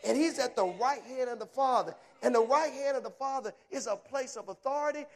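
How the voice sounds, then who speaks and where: A man's voice: extremely high pitch, fairly quick. A man preaching a sermon, emphatic and punchy, telling folksy stories and asking rhetorical questions. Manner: emphatic, punchy short phrases.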